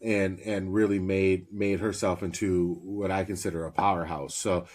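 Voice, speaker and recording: A man with a very low voice chats on a podcast, easygoing and profane. He tells stories about his kids and breaks into laughter often. He sounds like he's in his thirties. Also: flat delivery, normal speed, a little mellow. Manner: laughs often, swears freely, storytelling. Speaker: podcast co-host. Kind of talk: casual podcast chat.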